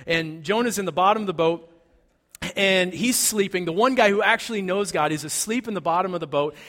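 A man's voice: high voice, a bit bright, big-room sound. A man preaching a sermon, telling a story in a conversational way and acting out the quoted lines. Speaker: pastor.

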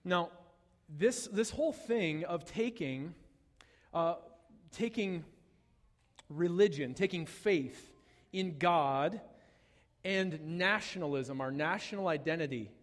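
A man preaching a sermon, animated and conversational, with jokes and asides to the congregation. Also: a little high, takes it slowly, pauses often, in a large hall. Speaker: pastor.

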